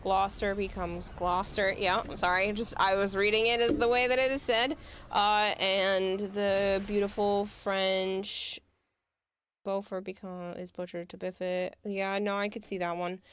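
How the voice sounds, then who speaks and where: A woman's voice: mid-range voice, level tone, measured pace, fairly bright tone, clear, resonant tone. A woman, chatting casually on a livestream and explaining with amused laughs.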